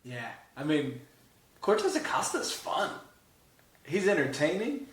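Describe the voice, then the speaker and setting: Laid-back middle-aged dad co-host, fairly high voice, teasing, recorded in a roomy space away from the mic. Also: male voice, big pitch swings, a little slow, far from the mic. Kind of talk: casual sports chat.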